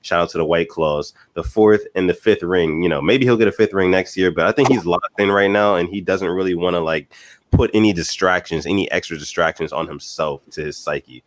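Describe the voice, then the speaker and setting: A laid-back man talks in a casual podcast chat and keeps slipping in "you know what I'm saying." His voice is very low, and the recording is dry and close. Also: fairly even intonation, fairly quick, no echo.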